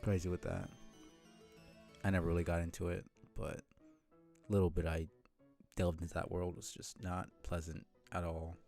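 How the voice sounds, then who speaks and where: A man's voice: low-pitched, little pitch movement, moderate pace, vocal fry, a little mellow, soft background music. A man streaming live, chatting casually in a rambling way with casual swearing.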